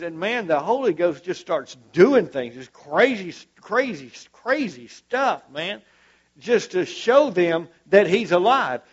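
A man's voice: high-pitched, lo-fi sound. A man preaching a sermon to a church congregation, fervent and emphatic, repeating his points for weight.

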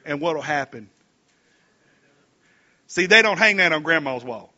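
Male preacher, high-pitched, folksy sermon, dull lo-fi church recording. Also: animated, pushed and bright. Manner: folksy, reads scripture slowly and comments between verses. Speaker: pastor.

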